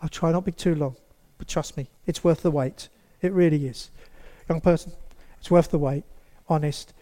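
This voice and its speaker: A male preacher with a notably high voice delivers a lively sermon in a church. He speaks straight to the congregation and acts out small scenes as he goes. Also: normal speed. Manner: animated, acts out quotes, addresses the congregation directly.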